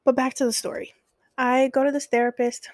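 A woman's voice: high voice, little pitch movement, fairly quick, dry recording. A young adult woman telling a personal story in a candid, conversational way, with many fillers.

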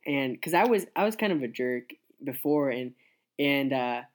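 A young man shares a personal faith story as a guest in a casual interview. His pitch sits in a middle range, and he talks in an earnest, halting way full of restarts and fillers. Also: animated. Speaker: youth pastor, interview guest.

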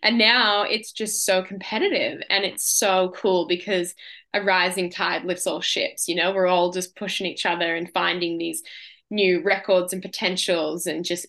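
A woman's voice: on the low side, sharp tone. A woman in her twenties from Australia, a guest in an interview who chats casually, rambles freely and laughs often. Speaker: guest, ultra runner.

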